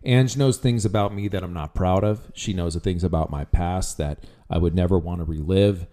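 Blunt low-voiced man on a podcast. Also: normal speed, warm tone. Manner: blunt, frank, emphatic. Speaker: podcast co-host. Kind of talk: casual relationship podcast talk.

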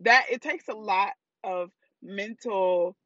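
A woman's voice: mid-range voice, takes it slowly, a bit bright, no room sound, highs cut off. A woman hosting a casual solo podcast, talking candidly and playfully in slangy speech straight to her listeners and laughing at her own jokes. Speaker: podcast host.

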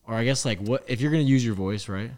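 A man's voice: medium pitch, quick pace, a little mellow. A man who sits in on a podcast, chatting casually with hesitant fillers. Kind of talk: casual chat.

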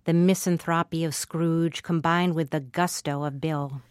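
A woman narrating a scripted remembrance essay in a measured, literary way. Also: sits low, steady tone, a little mellow, smooth, no room sound, clean studio sound.

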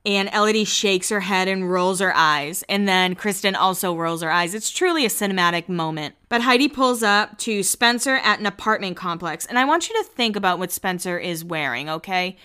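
A chatty woman hosts a casual podcast, gossiping playfully through a TV recap. Her voice is bright and smooth. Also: mid-range voice, expressive, normal speed, few pauses. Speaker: podcast host.

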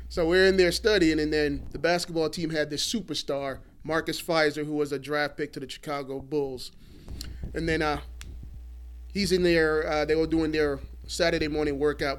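A man in his forties telling animated stories in casual talk, laughing often and swearing freely. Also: a little high, a little hiss or hum. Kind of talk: casual storytelling.

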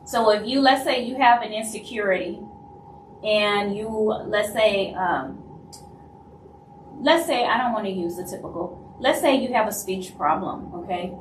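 Louisiana lady chatting on a live stream, slow and unhurried, echoey room with faint background hum. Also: mid-range voice. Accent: Louisiana Southern. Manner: acts out other people's lines in quick asides. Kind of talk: casual live stream talk. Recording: roomy echo, voice from a distance, faint ambience.

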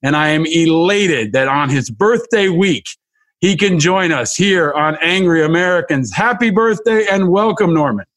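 Male podcast host, a touch high, effusive and halting, lots of restarts. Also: lively intonation, fairly bright tone. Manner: gushing, halting with many restarts. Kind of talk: effusive interview hosting.

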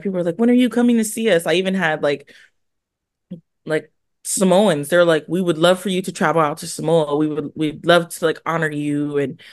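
A woman's voice: on the low side, no room sound, studio quality. A young woman, born in Hawaii and raised in California, chatting as a guest in a casual interview and acting out the voices of the people in her stories. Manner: animated storyteller, acts out quoted voices. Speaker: guest athlete.

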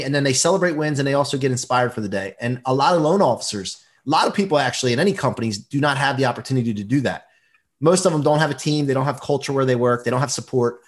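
A man who is a performance coach, talking as a guest in a casual interview, energetic, emphatic and motivational. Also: medium pitch, fast talker.

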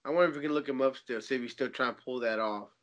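A man, jumping into a casual chat with animated, profane comments. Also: mid-range voice. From Texas. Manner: animated, profane, quick to jump in.

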